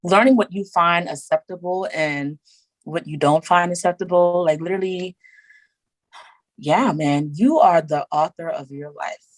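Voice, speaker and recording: A woman talking as a podcast guest in casual chat, animated and emphatic, repeating her words for emphasis. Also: on the low side, a little slow, dry recording, rough recording.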